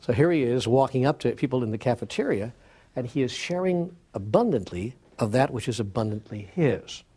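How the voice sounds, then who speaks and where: A man giving a spiritual talk as an animated storyteller, acting out dialogue and sometimes dropping to a soft near-whisper. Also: medium pitch, brisk, slightly rough. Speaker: spiritual speaker.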